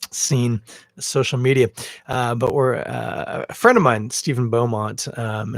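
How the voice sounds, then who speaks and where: A man's voice: mid-range voice, no room sound, clean studio sound. A man hosting a casual podcast livestream from home, rambling with self-mocking jokes. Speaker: podcast host. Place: at home, in a bathrobe. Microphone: headphones with a cable, phone camera.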